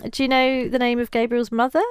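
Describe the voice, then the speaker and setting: Playful quiz host woman, higher voice. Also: level tone, brisk, smooth, no room sound, clean studio sound. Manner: playful, laughs often, teasing. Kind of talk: casual podcast quiz chat.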